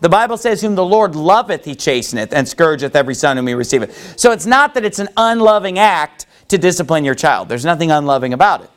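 Guy preaching a sermon, high voice, swoops up and down a lot, keeps saying you know. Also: expressive, fast, few pauses. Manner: emphatic preaching with frequent "you know" asides. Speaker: pastor.

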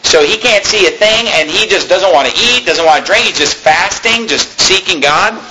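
A man's voice: sits high, animated, normal speed, sharp tone, poor audio. A man pastor preaching a sermon, reading scripture aloud and explaining it to the congregation.

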